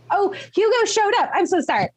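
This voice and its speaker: A woman players' recap of a tabletop game, chatty and giggly, dropping into quick voices for characters. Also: very high-pitched, a little hiss or hum, poor audio.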